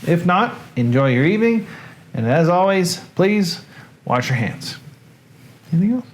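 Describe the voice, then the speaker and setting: A man's voice: sits high, very animated, a little slow, slight background noise. A man with a Southern American accent hosts a casual live-streamed reading show. He talks in a loose, jokey way and greets viewers by name between readings. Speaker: host and reader.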